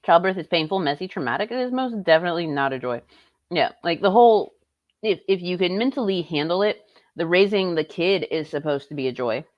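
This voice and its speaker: Young woman, live streamer, blunt, swears a lot, sarcastic, low-pitched, dull dry home-mic sound. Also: lively intonation, a little fast, dry recording. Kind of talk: casual live-stream commentary.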